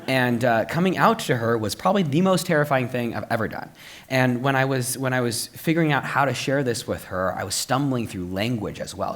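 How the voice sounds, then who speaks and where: A young man telling a personal story at a live book talk, lively with playful asides and frequent "um" fillers, turning soft and earnest at the close. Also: medium pitch. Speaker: author and speaker. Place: stage at a live public talk.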